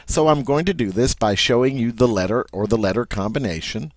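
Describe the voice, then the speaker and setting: A man's voice: medium pitch, brisk, no room sound. A man giving a patient language lesson, explaining sounds step by step and often checking in with "all right?". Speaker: French teacher.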